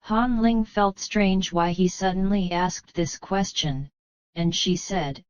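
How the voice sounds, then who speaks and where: Slow, smooth-voiced woman narrating a novel. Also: fairly low pitch, no room sound. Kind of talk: novel reading. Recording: slightly dull, muffled.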